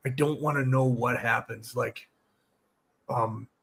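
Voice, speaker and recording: Relaxed rambling middle-aged man. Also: mid-range voice, takes it slowly, vocal fry, a little hiss or hum. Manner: rambling, relaxed, restarts his sentences. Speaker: podcast guest, former wrestler. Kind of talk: casual interview chat.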